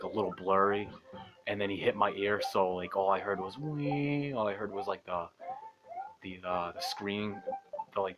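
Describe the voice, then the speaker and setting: Late at night, a young gaming channel host talks quietly through a long story while he plays, rambling, cursing, poking fun at himself and laughing a lot. His voice is low-pitched.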